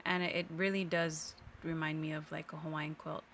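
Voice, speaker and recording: A woman's voice: low-pitched, flat delivery, moderate pace, a bit bright, slight background noise. A woman hosting a card-making tutorial, talking through her steps in a chatty, easygoing voice-over and correcting herself as she goes. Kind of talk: casual crafting voice-over. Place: home craft room.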